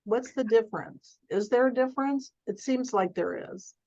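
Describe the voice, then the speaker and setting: A woman's voice: on the high side, normal speed, a little mellow, lo-fi sound. A woman in a therapy group thinking aloud and asking thoughtful questions.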